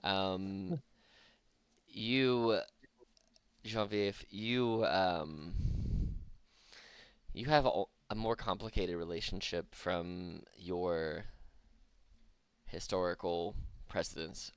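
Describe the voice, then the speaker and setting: A man narrating as the game master of a tabletop game, unhurried and hesitant, with many pauses and fillers. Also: sits low, clear, resonant tone, dry recording.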